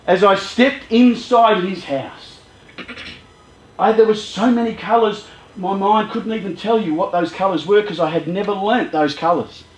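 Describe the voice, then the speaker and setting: A man tells a dramatic first-person story at a youth charity gathering, acting out his fears and the voices around him. His voice sits high for a man and rings in a roomy, echoey space. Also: unhurried.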